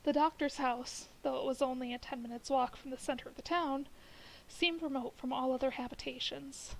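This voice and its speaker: High, creaky woman reading a horror story. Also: steady tone, normal speed, a little hiss or hum, rough recording. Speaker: streamer reading aloud.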